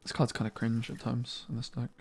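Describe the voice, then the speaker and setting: A man's voice: medium pitch, completely flat delivery, fairly quick, breathy edge, soft background music. A man streaming a card game, chatting casually and muttering asides with mild slang. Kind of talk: casual gameplay commentary.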